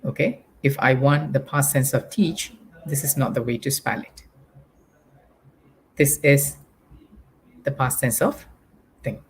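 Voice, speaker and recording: Animated Malaysian English teacher. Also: male voice, mid-range voice, takes it slowly, pauses often, slightly rough. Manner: animated, exaggerates intonation to teach. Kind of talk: online class lesson.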